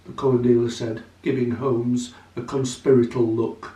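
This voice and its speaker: A man reading a story aloud at home, jokey and halting, with casual asides. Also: mid-range voice, level tone, warm tone, slight background noise. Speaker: vlogger. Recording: roomy, from a distance.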